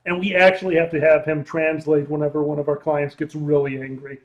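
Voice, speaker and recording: A man who is a guest comedian, trading quick deadpan quips in a casual chat on a sofa at home. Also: on the high side. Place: home living room, on a sofa.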